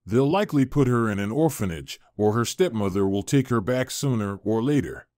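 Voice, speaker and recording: A man's voice: mid-range voice, lively intonation, normal speed, no echo, natural voice. Big kind forest guy, protective and encouraging, read by a man, dry close sound. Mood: earnest. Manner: warm, encouraging. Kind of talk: storybook narration.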